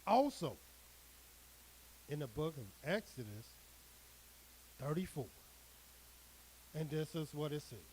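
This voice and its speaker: Slow, deliberate male preacher reading scripture and pressing each point with emphasis. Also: on the high side, sing-song, darkish tone, a little hiss or hum, low-quality recording. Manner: emphatic, drawn-out preaching cadence.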